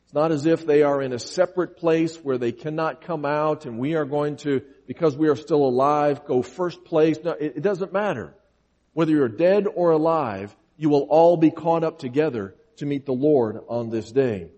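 A man preaches a sermon, reading scripture aloud and driving his points home through earnest, emphatic repetition. His voice is on the high side and dark in tone, at normal speed. The audio is dull, with the long reverb of a large hall.

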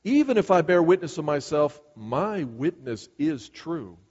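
A man's voice: on the high side, very animated, measured pace, darkish tone. A man preaching a sermon in an earnest, emphatic way, taking on Jesus' voice as he paraphrases scripture. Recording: dull sound with long hall reverb.

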